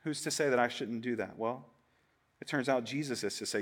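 A middle-aged male pastor preaching a sermon to a church congregation in a conversational way, often checking in with "right?" and acting out quoted voices. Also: brisk. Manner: conversational, keeps asking "right?"; acts out quoted voices with a rising, louder pitch.

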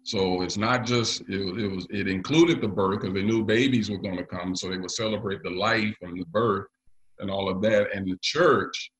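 Guy giving a sermon, lowish voice, lots of uhs and pauses. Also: steady tone, fairly bright tone, poor audio. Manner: leads the congregation in call and response; halting, with frequent pauses and fillers. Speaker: pastor.

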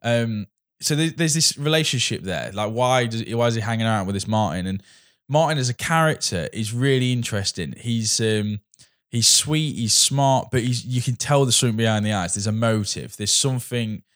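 A man's voice: medium pitch, normal speed, fairly bright tone. A man chatting casually as a film reviewer, rambling with many restarts. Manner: rambling, restarts, acts out quoted dialogue.

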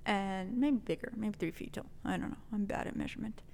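A woman from New Mexico telling a personal story in casual conversation, animated, swearing freely and laughing often. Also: mid-range voice, a little fast, creaky, in a large hall. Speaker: podcast guest telling a story.

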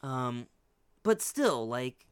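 A man's voice: medium pitch, very animated, very slow, smooth, no room sound. A man co-hosting a podcast, chatting casually and rambling, hedging with many restarts. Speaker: podcast co-host. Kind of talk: casual chat.

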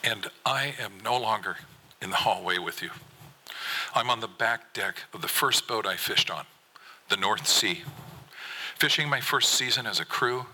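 A middle-aged fisherman poet giving an earnest, measured spoken-word reading of his own poem. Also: fairly low pitch, bright, forceful tone, rough recording. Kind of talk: performed poetry reading.

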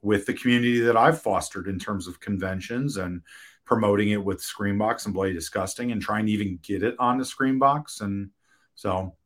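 A man's voice: on the low side, a bit bright. A man speaking as an interviewed film director, talking candidly with frequent restarts and the occasional curse. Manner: frank, halting, many restarts and profanity.

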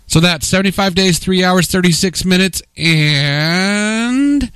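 A man's voice: high-pitched, slow, fairly bright tone, smooth, dry recording. A man co-hosting a casual podcast, a talkative, rambling storyteller who often laughs at his own jokes. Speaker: podcast co-host.

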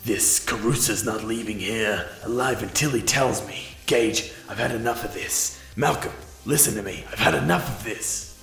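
A man playing a gravelly, ruthless cop. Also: on the low side, normal speed, fairly bright tone, roomy sound, faint music behind. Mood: threatening. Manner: intense, threatening, gravelly. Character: violent, enraged male cop partner, ruthless.

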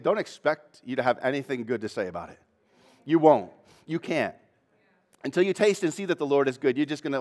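A man preaching a sermon in a slightly higher-than-usual voice. He reads a passage, then stops to explain it, and now and then acts out the people he quotes. His delivery builds toward more and more intensity.

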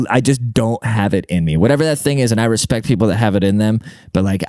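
Profane rambling man, smooth dry voice. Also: on the low side, a little mellow, no echo. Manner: profane, self-deprecating, rambling with many fillers. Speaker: comedian and podcaster. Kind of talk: casual rambling monologue.

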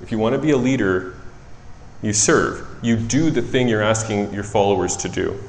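Conversational preacher in an echoey hall. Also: male voice, lowish voice, normal speed, slight background noise. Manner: conversational, self-correcting, animated storytelling. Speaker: preacher and child psychologist. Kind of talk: sermon. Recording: echoey hall with long reverb.

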